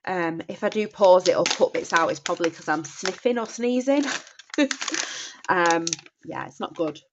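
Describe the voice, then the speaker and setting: A Northern English woman in her thirties chats casually through a budgeting vlog, her voice nasal and bunged up from a cold. She talks in a lowish register, often stopping to correct herself and say sorry. The recording sounds dull and lo-fi. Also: moderate pace, background noise. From North West England. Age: 30s. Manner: chatty, apologetic, often restarts and says sorry. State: congested from a cold. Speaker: budgeting vlogger. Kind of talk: casual chat.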